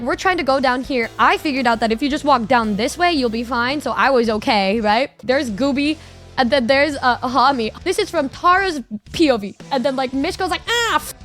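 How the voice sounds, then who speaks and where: A young woman streamer casually telling a story, excitable and laughing often, with lots of slang. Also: sits high. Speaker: VTuber streamer.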